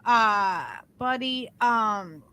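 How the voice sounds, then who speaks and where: Slow-talking woman, higher voice. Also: crowd noise. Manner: slow, drawn-out, hesitant with fillers. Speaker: podcast co-host. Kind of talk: casual chat.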